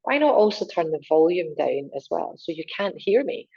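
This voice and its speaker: A woman teaching Spanish vocabulary, modelling each word slowly and clearly for learners to repeat. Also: lowish voice, very animated, warm tone, muffled recording. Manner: slow, clear pronunciation modelling. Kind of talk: language lesson with repeat-after-me drills.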